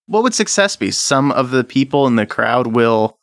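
A man runs a tabletop game as game master, describing scenes and asking players for rolls. His voice is bright and forward. The recording is close and dry. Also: medium pitch, very animated, moderate pace, dry recording. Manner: laid-back, laughs often.

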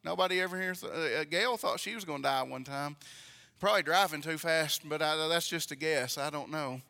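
Bright-voiced preacher in a hall. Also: male voice, fairly high pitch, brisk, creaky. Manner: folksy, preaching with Bible readings and jokes to the congregation. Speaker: pastor. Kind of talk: sermon. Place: church sanctuary.

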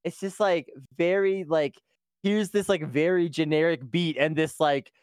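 Animated, laughing podcast guest. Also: medium pitch, a little slow, clear, resonant tone, no room sound, clean studio sound. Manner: animated, swears, laughs easily. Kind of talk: casual chat.

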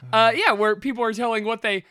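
A woman from the Midwest co-hosting a podcast, chatting casually and laughing often between quick jokes. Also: on the high side, fairly bright tone, dry recording, clean studio sound. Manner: giggly, quick joking. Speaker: podcast co-host. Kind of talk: casual chat.

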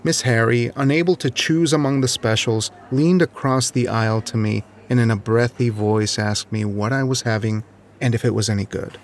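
A man reading a short story aloud in a measured, wry storytelling manner. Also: mid-range voice. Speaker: narrator. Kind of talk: scripted narration of a short story.

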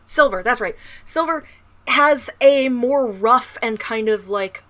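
A woman from the American South, co-hosting a casual book podcast with eager, rapid bursts that trail off quietly. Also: a little high. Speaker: podcast co-host.

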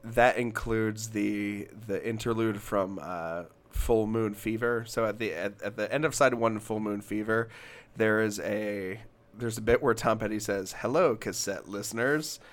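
A man's voice: fairly low pitch, steady tone, unhurried. A young man from Alabama, a podcast co-host in casual music chat, who rambles, reads passages aloud and restarts his sentences often.

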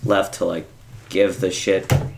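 A man's voice: sits low, level tone, measured pace, creaky. A teenage boy in casual chat, playful and laughing as he tells stories. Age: teens. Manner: playful, laughing, mock-tough bits. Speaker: high school student.

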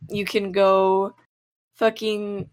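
A woman's voice: mid-range voice, flat delivery, extremely slow, a little mellow. A woman guesting on a podcast, chatting casually, rambling with lots of fillers and casual swearing. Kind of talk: casual chat.

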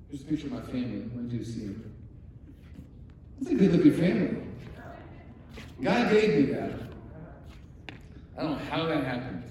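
Pastor, forties, mellow and conversational, storytelling sermon, distant mic, long hall echo, faint room ambience. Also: male voice, mid-range voice, lively intonation, normal speed, pauses often, a little hiss or hum. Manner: conversational, storytelling, drops to soft emotional tones. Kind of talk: sermon with personal stories. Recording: echoey hall from far off.

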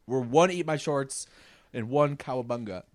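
A man's voice: medium pitch, normal speed. A man co-hosting a comedy podcast, teasing his guest with mock outrage in casual chat. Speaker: podcast co-host.

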